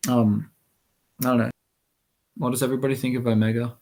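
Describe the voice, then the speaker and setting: A man's voice: mid-range voice, level tone, a little fast, darkish tone. A man co-hosting a casual podcast chat, rambling with lots of restarts and fillers. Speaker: podcast co-host.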